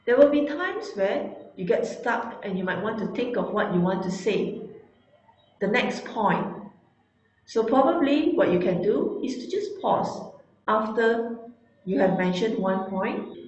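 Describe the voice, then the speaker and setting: A woman giving an instructional talk, deliberate and emphatic, slowing down to stress key words. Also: on the high side, lively intonation, darkish tone, muffled recording. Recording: very echoey room.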